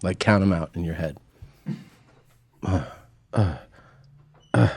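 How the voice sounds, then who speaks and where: A man's voice: sits low, takes it slowly, creaky, a little mellow, breathy edge, dry recording. A man in casual podcast chat, telling crude stories in a rambling way.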